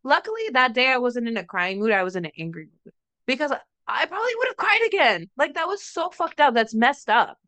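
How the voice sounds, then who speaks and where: A young woman with a bright, crisp voice, swearing freely as she tells a story on a podcast. She acts out other people's lines with lively energy. The sound is dry and close to the mic. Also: high voice, a little fast, no room sound. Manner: animated, profane, acts out quotes of others. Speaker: podcast co-host. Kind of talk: casual storytelling chat.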